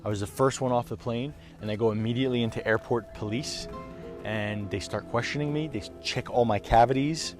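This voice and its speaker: A young man telling a raw, emotional story to camera as a vlogger, swearing freely, dropping to a hush and then rising loud. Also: mid-range voice, a little fast, music in the background.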